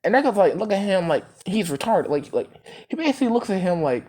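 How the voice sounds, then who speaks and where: A woman's voice: on the low side, very animated, a little fast, hardly any pauses, a little mellow. A woman casually retelling a fan story, rambling with lots of fillers and swearing. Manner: rambling, filler-heavy, cursing, laughing.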